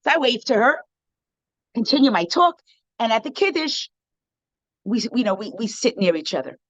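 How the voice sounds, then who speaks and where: A woman rebbetzin giving an inspirational talk to a women's circle over a video call, telling a story in an animated way with frequent "you know"s and restarts. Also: on the high side, moderate pace, no echo. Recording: dull, dry video-call audio.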